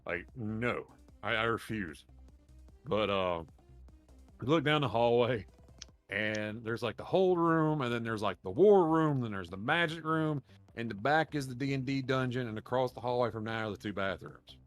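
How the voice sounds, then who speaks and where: A man's voice: mid-range voice, lively intonation, normal speed, faint music behind. A man, a podcast co-host telling a long story in rambling, profane casual chat. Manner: rambling, profane, laughs while telling stories.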